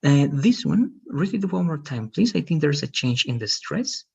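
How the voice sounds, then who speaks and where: A man's voice: a little high, sing-song, moderate pace, gravelly, slightly rough, muffled recording. A man teaching English pronunciation on a video call, patient and explaining, checking understanding with frequent questions. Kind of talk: online pronunciation lesson.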